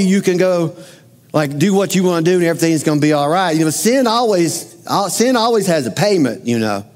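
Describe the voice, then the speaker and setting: A man's voice: high-pitched, darkish tone, big-room sound. A man preaching a sermon to a congregation in a conversational way, asking them direct questions. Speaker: pastor.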